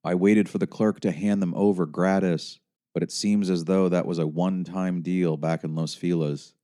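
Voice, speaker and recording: A man's voice: low voice, fairly even intonation, moderate pace, mellow. A young man narrating his own story in the first person as an audiobook, wry, weary and sardonic. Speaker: author and narrator.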